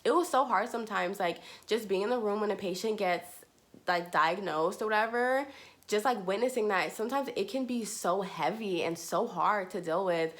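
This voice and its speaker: A woman's voice: mid-range voice, moderate pace, fairly bright tone. A young woman, a nursing student, talking casually to her viewers, full of "like" and "you know". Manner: chatty, heavy use of "like" and "you know". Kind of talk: casual storytelling to camera.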